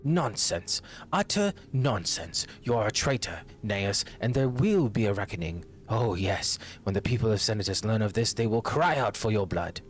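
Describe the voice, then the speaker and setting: A streamer putting on the voice of an indignant, scornful older noble while reading game text aloud. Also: male voice, fairly low pitch, expressive, normal speed, few pauses, slight background noise, natural voice. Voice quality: mock-indignant, exaggerated.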